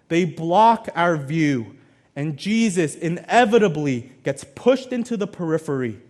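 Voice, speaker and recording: Man preaching, lively and high-pitched. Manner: preaching with big swings between loud emphasis and quiet asides. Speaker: pastor. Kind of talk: sermon.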